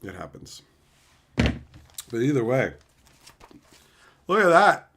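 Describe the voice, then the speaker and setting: A man's voice: mid-range voice, very animated, slow pace, creaky, very noisy. Laid-back joking male streamer. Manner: laid-back, joking, reads chat aloud. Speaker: streamer host. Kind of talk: casual livestream chat.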